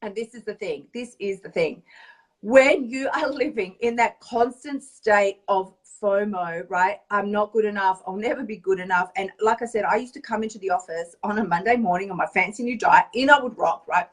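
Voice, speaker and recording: A woman weight-loss coach chatting through an animated, casual vlog monologue, often tagging lines with "right?". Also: medium pitch, moderate pace, far from the mic. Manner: animated, chatty storyteller, tag questions.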